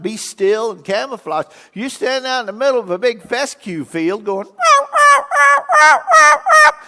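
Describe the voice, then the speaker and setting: An older man, a guest speaker telling folksy, humorous stories and breaking into animal calls. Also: high-pitched. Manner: lively, imitates animal calls. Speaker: guest speaker at a church event. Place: church sanctuary. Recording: long reverb of a church hall.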